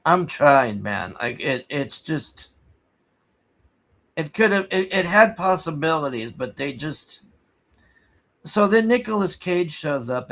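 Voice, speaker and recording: A man casually recapping a movie plot, rambling and halting with many restarts, sighing in exasperation. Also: fairly high pitch, gravelly, fairly bright tone. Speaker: movie reviewer.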